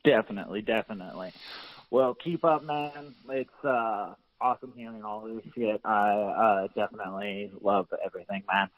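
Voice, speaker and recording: A man's voice: lowish voice, moderate pace, dry recording, lo-fi sound. An easygoing man talking as a guest in casual chat, agreeing and laughing often.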